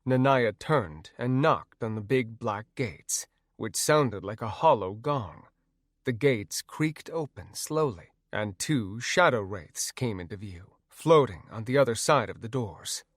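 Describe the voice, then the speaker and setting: Slow, dry-voiced male audiobook narrator. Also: on the low side, no echo. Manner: measured, even storytelling. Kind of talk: first-person audiobook narration.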